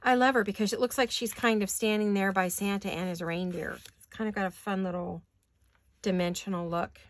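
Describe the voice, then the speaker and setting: A woman vlogger, raspy from allergies, chatting casually and talking to herself as she makes paper crafts in her home studio. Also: mid-range voice, fairly even intonation, brisk. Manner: chatty, talks to herself while working.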